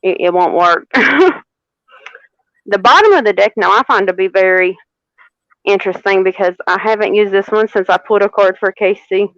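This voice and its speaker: A woman giving a live tarot reading, unhurried and repeating phrases for emphasis. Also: mid-range voice, fairly bright tone, no room sound, lo-fi sound. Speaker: tarot reader.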